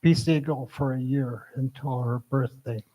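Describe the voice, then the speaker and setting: Unhurried man chatting to a group. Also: mid-range voice, fairly even intonation, dark tone, poor audio. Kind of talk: casual self-introduction.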